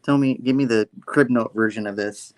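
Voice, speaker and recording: A man's voice: mid-range voice, normal speed, close to an everyday voice. A man voicing a haughty, impatient sorceress queen while retelling a comic. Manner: exasperated, imperious.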